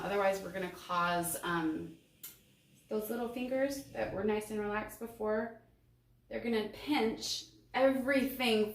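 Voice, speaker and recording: A woman's voice: medium pitch, far from the mic. Upbeat woman teaching voice, roomy sound. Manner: upbeat and encouraging, sings examples. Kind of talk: voice lesson. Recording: roomy, mic set back, faint ambience.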